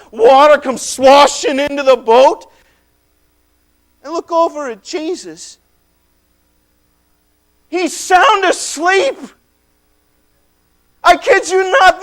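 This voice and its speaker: High-voiced animated male preacher. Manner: animated, swings from loud outbursts to hushed lines. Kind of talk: dramatic first-person sermon storytelling. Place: church.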